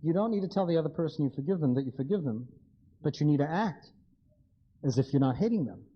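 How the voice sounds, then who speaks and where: Man, live lecture, blunt, wry, animated pitch, dull lo-fi sound. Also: quick pace, breathy edge. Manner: blunt, wry, addresses the audience directly.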